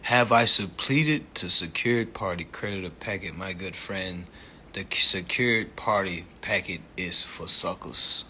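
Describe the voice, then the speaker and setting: A man voicing an overly polite, calm British gentleman with a put-on British accent and mock-formal manner. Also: low-pitched, a little slow, a little hiss or hum, voice pushed down, heavily acted.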